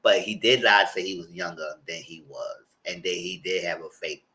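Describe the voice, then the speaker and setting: A man with a New York accent giving a casual, animated recap of a TV episode and acting out what people said. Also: low voice, normal speed, rough recording. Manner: animated storyteller, acts out quotes. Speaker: TV show reviewer.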